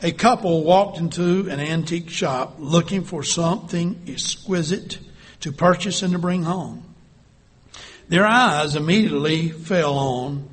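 A man slowly telling a parable, deliberate and dropping soft at the ends of lines. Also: a little high, breathy edge. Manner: slow, deliberate, drops soft at line ends. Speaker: storyteller. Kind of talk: spoken parable storytelling.

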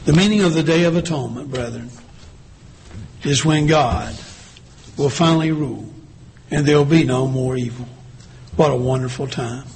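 A man preaching a sermon in a slow, deliberate way, reading scripture aloud with long pauses. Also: medium pitch, gravelly, a little mellow, a little hiss or hum, low-quality recording. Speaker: pastor.

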